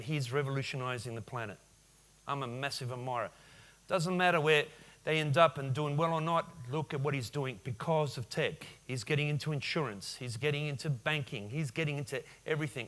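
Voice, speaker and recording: A man in his forties delivers a business keynote in a conference hall, talking straight to the audience and peppering them with questions. His voice sits at an ordinary middle pitch for a man. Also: brisk. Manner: lively, addresses audience with questions. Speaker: conference speaker.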